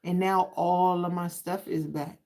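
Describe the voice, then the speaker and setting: A woman's voice: fairly low pitch, fairly even intonation, measured pace, darkish tone, poor audio. Sassy woman reading tarot live. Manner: chatty, sassy, talks straight to viewers. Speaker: tarot reader. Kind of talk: casual livestream tarot reading.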